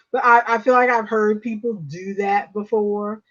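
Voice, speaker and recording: A woman co-hosting a casual chat over a video call, speaking in a relaxed, laid-back way. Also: medium pitch, a little slow. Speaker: podcast co-host. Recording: muffled video call audio.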